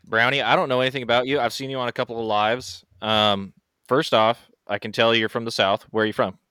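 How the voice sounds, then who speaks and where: A man's voice: medium pitch, steady tone, a little fast, pushed and bright, clear, resonant tone, no room sound, studio quality. A man co-hosting a podcast, chatting casually in a rambling, self-interrupting way. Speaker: podcast co-host.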